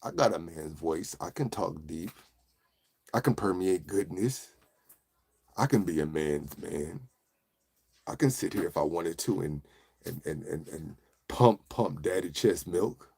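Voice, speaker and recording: A deep, velvety male seducer put on by a comedian, crooning low and slow. The voice drops far below his usual pitch and goes hushed and soft. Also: animated, vocal fry, breathy edge, heavily acted. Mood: deep boasting.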